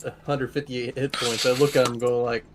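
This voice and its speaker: A man's voice: mid-range voice, flat delivery, fairly quick, crowd noise. A man playing a tabletop game, talking casually and joking. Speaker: player. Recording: music playing behind.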